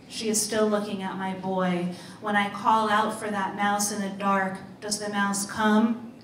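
A woman author reading her own story aloud in a measured, deliberate way. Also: mid-range voice, level tone, a bit bright, slight background noise. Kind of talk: literary reading. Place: live reading event. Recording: roomy, distant mic, faint ambience.

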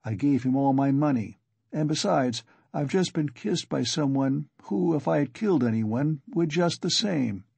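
A man's voice: fairly high pitch, expressive, moderate pace, vocal fry, darkish tone, slightly rough, no room sound, full character voice. A man voicing a feverish, weak young man. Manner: strained and fretful. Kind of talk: audiobook character reading.

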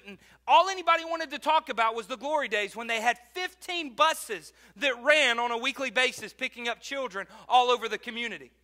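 High, bright-voiced male preacher. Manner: swings between loud preaching bursts and quiet asides. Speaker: pastor. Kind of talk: sermon.

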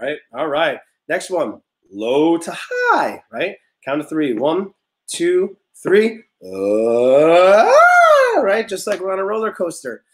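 A man's voice: on the high side, sing-song, unhurried. Upbeat man teaching a music class. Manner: upbeat, encouraging, talks to kids step by step. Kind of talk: online music class warm-up. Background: guitar notes played under the talk.

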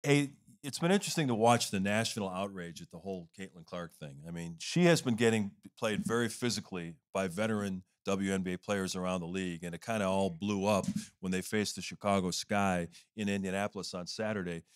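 A man co-hosting a podcast, reading an ad and leading into segments in a steady, upbeat way. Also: low-pitched, a little fast, hardly any pauses, smooth. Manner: steady, upbeat announcer-like segues. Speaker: podcast co-host. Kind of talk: casual chat and ad reads.

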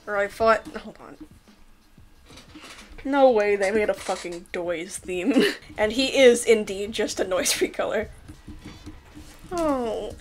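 A woman casually commentating a game she is playing, excitable and jokey, laughing often and yelping when things go wrong. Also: mid-range voice, slow, long pauses, soft background music. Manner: excitable, laughing, swearing, yelps in panic. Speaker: gameplay commentator. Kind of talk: casual let's-play commentary.

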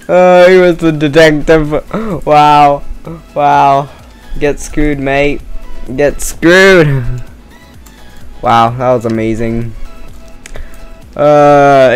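A man's voice: a little high, steady tone, very slow, long pauses, smooth, soft background music. A man doing casual let's-play commentary on a murder mystery game, tired from no caffeine, rambling, joking at himself and swearing.

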